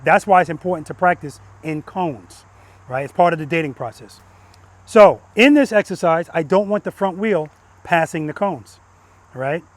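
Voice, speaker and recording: A man's voice: high voice, dry recording. A man teaching motorcycle riding outdoors, emphatic and repetitive, chanting cue words in rhythm and tagging his points with "right?". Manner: peppers instructions with "right?". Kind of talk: hands-on coaching in a riding lesson. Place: outdoor practice lot with cones.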